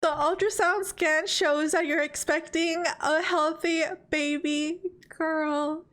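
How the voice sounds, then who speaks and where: Young woman streamer, super dramatic commentary, kinda high voice, lots of oh my god. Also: slow pace. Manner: dramatic, animated, exclaims often. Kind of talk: let's play commentary.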